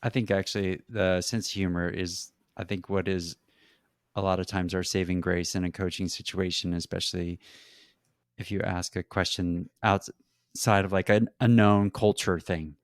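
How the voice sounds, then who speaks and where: Deep voiced guy cohosting, coach, thinks out loud, kinda halting, dry no-room sound. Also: flat delivery, dry recording. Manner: reflective, halting, thinking aloud. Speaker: podcast co-host, coach. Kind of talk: conversational podcast chat.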